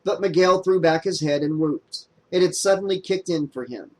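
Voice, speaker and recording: Male audiobook narrator, slightly high voice. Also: moderate pace, rough recording.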